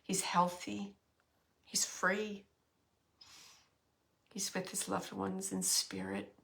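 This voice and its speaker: A woman working as a medium, giving a spirit reading to an audience, speaking softly, musing aloud and often dropping to a whisper. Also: medium pitch, level tone, slow, vocal fry. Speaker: psychic medium.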